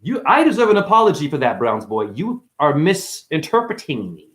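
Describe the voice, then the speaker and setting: Livestream host, man, high voice with big swings; impassioned, defensive, then conciliatory. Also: wildly swooping pitch, moderate pace, a bit bright. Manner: passionate, defensive, swinging between agitated and conciliatory. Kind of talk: heated livestream chat reading comments.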